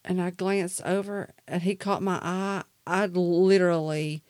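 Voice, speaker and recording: A woman's voice: on the low side, level tone, a little slow, a little mellow, no echo. A woman co-hosting a podcast in casual chat, talking in a heartfelt, rambling way with many restarts. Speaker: podcast co-host.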